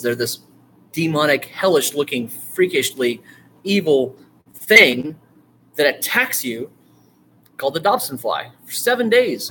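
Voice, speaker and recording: A man's voice: a little high, slight background noise. Rambling male writing instructor, enthusiastic. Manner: rambling, digressive, with many fillers and restarts; bursts of excited enthusiasm. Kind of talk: casual screen-share lecture.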